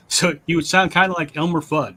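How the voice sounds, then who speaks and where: A man's voice: on the high side, fairly even intonation, moderate pace, sharp tone, slight background noise, poor audio. A man talking casually on a livestream, recalling his Navy service and reciting shipboard announcements. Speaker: Navy veteran co-host. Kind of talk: casual chat.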